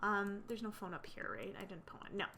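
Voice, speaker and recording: A woman's voice: medium pitch, brisk, sharp tone, a little hiss or hum. A young woman narrating a life simulation game in a casual, chatty way, full of fillers and gossip. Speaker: let's play narrator.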